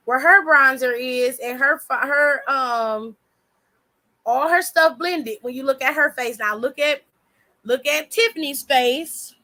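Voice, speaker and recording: Brief: high-pitched woman, sassy and blunt vlog commentator, laughs a lot. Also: pushed and bright. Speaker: wrestling commentary vlogger. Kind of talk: casual reaction commentary.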